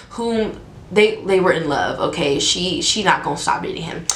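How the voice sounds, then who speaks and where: A woman's voice: mid-range voice, big pitch swings, moderate pace. Chatty opinionated woman in an echoey room. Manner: chatty and opinionated, laughs often, gets heated. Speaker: video host. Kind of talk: casual commentary on a romance trope.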